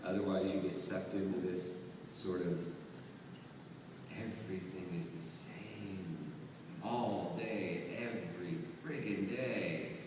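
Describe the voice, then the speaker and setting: A male voice actor answering audience questions at a convention panel, playful and animated. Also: sits low. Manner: playful, animated, slips into quick impressions. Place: large convention hall. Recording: echoey hall, distant mic, background noise.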